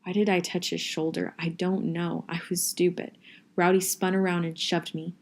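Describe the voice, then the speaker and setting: A woman reading a novel aloud in a steady, first-person audiobook style. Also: lowish voice, normal speed. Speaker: reader.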